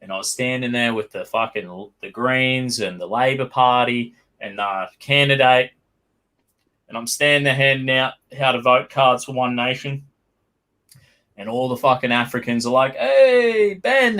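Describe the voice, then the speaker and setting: An Australian man hosts a casual podcast with a bright, forceful voice. He talks bluntly and emphatically, swearing freely as he makes his points. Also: mid-range voice. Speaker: podcast host.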